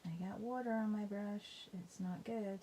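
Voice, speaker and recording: A woman's voice: mid-range voice, fairly even intonation, a little slow, dark tone, slight background noise. A woman teaching a live painting class, chatting and thinking aloud as she paints. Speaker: art teacher. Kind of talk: live painting demo, casual commentary.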